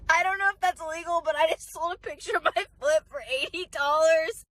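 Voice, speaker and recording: Very high, bright woman telling an amused story. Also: fairly even intonation, brisk. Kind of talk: casual storytime.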